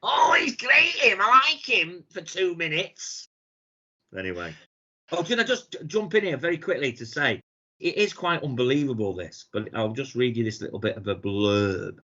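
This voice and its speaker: A man chats as a podcast co-host, spinning sweary anecdotes and slipping into the voices of the people in them. His voice sits at a middling pitch. The recording is muffled and lo-fi. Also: sing-song, moderate pace, a bit bright. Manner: sweary storytelling, mimics quoted people. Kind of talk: casual chat. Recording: dull lo-fi sound.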